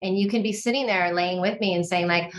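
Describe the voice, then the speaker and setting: A woman speaking as a podcast guest, expressive and animated, with lots of "like" fillers. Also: mid-range voice, brisk. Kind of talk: conversational podcast interview.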